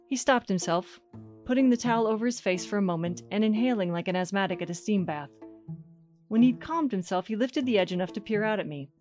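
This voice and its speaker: Woman reading a short story out loud, dry humor, faint music under it. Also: medium pitch. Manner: wry, measured storytelling. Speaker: story reader.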